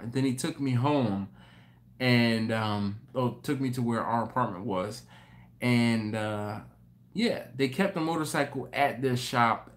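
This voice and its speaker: A man hosting a live stream, telling a story in an animated, rambling way with many restarts. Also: mid-range voice. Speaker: host. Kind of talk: casual live-stream chat.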